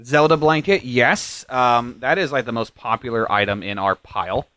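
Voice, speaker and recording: A man's voice: medium pitch, normal speed, clean tone, no room sound. A man hosting a casual podcast, joking with his co-hosts and reading out prize winners. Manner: relaxed, joking, reads out winners. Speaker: podcast host.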